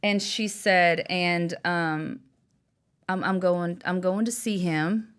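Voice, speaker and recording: A woman's voice: fairly low pitch, slow pace, clear, resonant tone. A young adult woman recounting a story as an interview guest. She tells it with animation, voicing the people in it and laughing along the way. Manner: animated storyteller, acting out quotes with a lively laugh. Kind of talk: storytelling in conversation.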